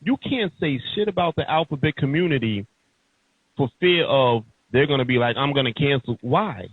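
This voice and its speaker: A man's voice: on the high side, lively intonation, normal speed, a little hiss or hum. A man hosting a podcast, ranting heatedly and emphatically in casual, profane talk. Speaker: podcast host. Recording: tinny phone-like sound.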